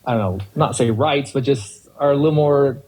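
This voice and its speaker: A man's voice: medium pitch, normal speed, darkish tone, rough recording. A man guesting on a podcast, chatting casually and ranting animatedly with acted-out quotes. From California. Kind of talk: casual chat.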